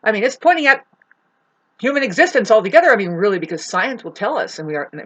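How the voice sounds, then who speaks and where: A woman's voice: medium pitch, big pitch swings, fast, muffled recording. A woman delivering a rambling spiritual monologue from home, swearing and breaking into emphatic outbursts. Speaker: spiritual astrology vlogger.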